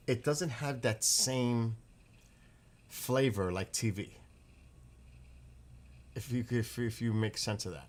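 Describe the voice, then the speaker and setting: A middle-aged man from the northeastern US telling rambling, profane stories in a casual monologue. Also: medium pitch. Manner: rambling, profane, animated retelling.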